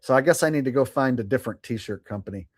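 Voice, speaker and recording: A man's voice: medium pitch, fast talker, no echo, studio quality. A man hosting a live stream, chatting casually and sarcastically, swearing freely and laughing at his own jokes.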